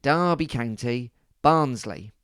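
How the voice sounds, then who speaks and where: A man's voice: mid-range voice, expressive, takes it slowly, fairly bright tone, smooth, dry recording, studio quality. A man co-hosting a podcast in casual, jokey, playful banter. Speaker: podcast co-host. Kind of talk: casual chat.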